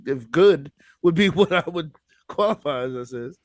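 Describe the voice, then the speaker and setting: A man's voice: a little high, animated, moderate pace, no room sound. A man co-hosting a casual chat, putting in short quips and chuckles. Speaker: podcast co-host.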